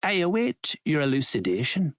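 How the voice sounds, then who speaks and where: A man's voice: a little high, wildly swooping pitch, moderate pace, no echo, clean studio sound. A man voicing a cocky middle-aged thief who teases and mocks in a mock-posh manner.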